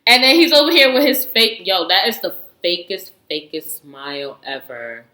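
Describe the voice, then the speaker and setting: Bright, slangy woman vlogger. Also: medium pitch, moderate pace, reverberant, low-quality recording. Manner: slangy, animated storytelling with frequent laughs; candid and outspoken, often swears. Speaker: reality TV reviewer. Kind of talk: casual chat.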